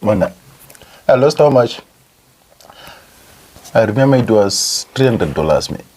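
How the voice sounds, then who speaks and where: A man, co-hosting a podcast, teasing and animated in casual chat. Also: on the low side, measured pace, slight background noise. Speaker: podcast co-host.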